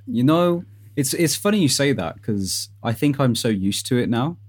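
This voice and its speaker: A man's voice: mid-range voice, animated, moderate pace. A man co-hosting a podcast in casual chat, with a laid-back, easygoing manner. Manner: laid-back, uses "mate". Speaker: podcast co-host.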